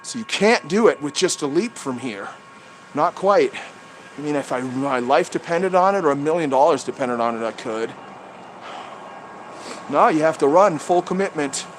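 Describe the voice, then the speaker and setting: Heated, high-voiced man ranting outdoors. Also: animated, normal speed, pauses often, a little hiss or hum. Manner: profane, heated, rambling. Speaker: livestream host. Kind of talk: rambling livestream rant. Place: outdoors among trees. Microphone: head-mounted camera.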